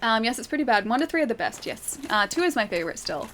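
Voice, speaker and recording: A woman's voice: on the high side, big pitch swings, fast talker, fairly bright tone, a little hiss or hum. A woman game streamer chatting casually with viewers, enthusiastic and full of fillers. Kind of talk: casual chat answering viewers during a live stream.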